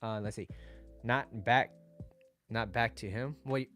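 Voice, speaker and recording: A man's voice: medium pitch, slow, fairly bright tone, faint music behind. A man giving casual dating advice to his viewers, blunt and swearing, reading their chat comments aloud.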